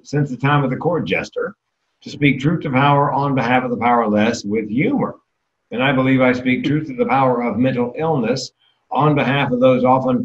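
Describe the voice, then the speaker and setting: A man's voice: mid-range voice, lo-fi sound. A man in his sixties giving a comedic keynote talk, candid and darkly self-deprecating.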